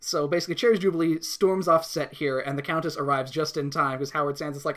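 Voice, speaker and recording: A woman's voice: low voice, fairly even intonation, fast, hardly any pauses, a bit bright. A young woman co-hosting a podcast, recapping a cartoon episode in casual chat, laughing often and swearing freely. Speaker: podcast co-host.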